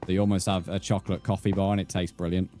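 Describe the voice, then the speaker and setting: Chatty streamer, low voice. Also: male voice, little pitch movement, very fast, dark tone, soft background music. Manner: chatty, swears casually, addresses viewers as mate. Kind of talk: casual live-stream chat.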